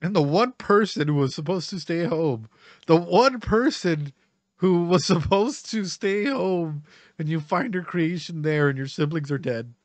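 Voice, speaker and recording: A man's voice: on the high side, a little slow, no room sound. Emotional man reacting with frequent laughter. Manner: emotional, laughing often, swearing. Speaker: reaction streamer. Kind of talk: casual reaction commentary.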